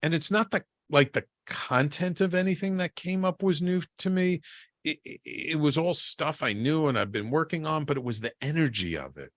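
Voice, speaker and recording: A man as an interview guest telling a personal story in a lively way. He often restarts and repeats words, and he acts out the people he quotes. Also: on the high side, moderate pace, no echo, studio quality. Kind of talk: conversational storytelling.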